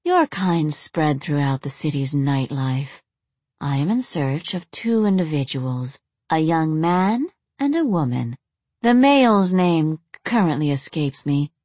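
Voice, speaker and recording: A woman's voice: low-pitched, very animated, a little slow, mellow, no room sound, full character voice. A woman voicing a blunt, disdainful undead woman who mocks her guests in a storybook reading. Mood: sardonic. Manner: mocking, blunt.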